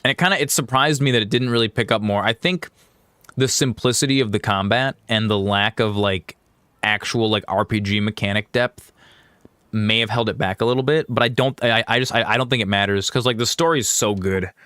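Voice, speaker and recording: A man's voice: on the low side, a little fast, bright, forceful tone, clean tone, no echo. A man hosting a casual let's play, chatty and enthusiastic, with lots of restarts and fillers. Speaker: gaming channel host. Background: faint music.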